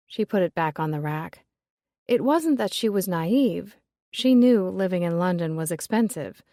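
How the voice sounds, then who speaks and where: Reading from a cozy mystery in a steady, measured manner, this woman delivers scripted audiobook narration at medium pitch. The studio sound is clean, with no echo.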